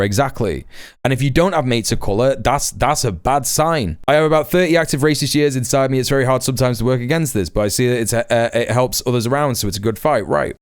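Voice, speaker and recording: A man's voice: mid-range voice, smooth, no room sound, studio quality. A man talking earnestly on a livestream, emphatic, with lots of fillers and restarts. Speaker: Twitch streamer. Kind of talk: livestream commentary.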